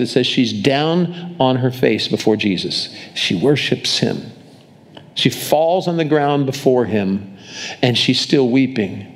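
An older man preaching a sermon as pastor, conversational and animated, with rhetorical questions. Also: on the high side.

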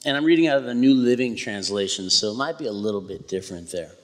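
A man filling in as preacher, praying and reading scripture in a soft, halting way with fillers and restarts. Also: fairly low pitch, animated. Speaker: pastor's son filling in as preacher. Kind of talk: church sermon with prayer and scripture reading. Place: church hall. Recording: live church recording with long hall reverb.

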